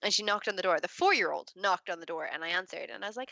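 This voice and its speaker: An Irish woman chatting as a podcast guest, gushing and quick to laugh. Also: mid-range voice, animated, bright, forceful tone, no room sound. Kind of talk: casual podcast chat.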